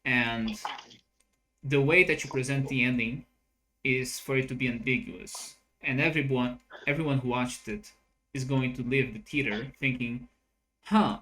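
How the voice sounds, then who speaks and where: Casual co-host, a man with a bright, sharp voice; argues point by point. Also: medium pitch. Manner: argumentative, analytical. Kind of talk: casual chat.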